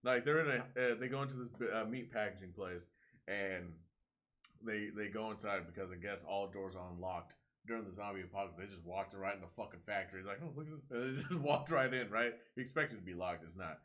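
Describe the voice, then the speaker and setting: A young man on a podcast, co-hosting with a lowish voice at a fairly quick clip, retells a film in relaxed conversation. Swearing plenty, he tells it with animation and voices each character's lines.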